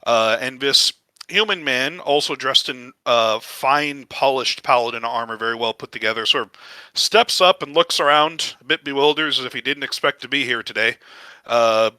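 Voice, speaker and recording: Bright-voiced male game master narrating. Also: medium pitch, moderate pace, clear, resonant tone, dry recording. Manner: loose, meandering descriptive narration.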